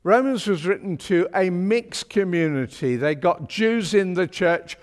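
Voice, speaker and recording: A man's voice: high-pitched, lively intonation, measured pace. A man preaching a sermon in a church, chatty, wry and emphatic. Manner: chatty, wry and emphatic, with homely British turns of phrase. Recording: long hall reverb of a church.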